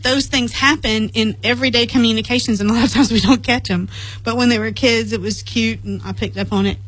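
A woman's voice: on the high side, fairly even intonation, brisk, a bit bright, dry recording, rough recording. A middle-aged woman leading a casual church group, rambling through stories and laughing often.

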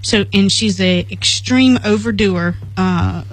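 A woman's voice: mid-range voice, takes it slowly, low-quality recording. A middle-aged woman leading a casual church group, rambling through stories and laughing often.

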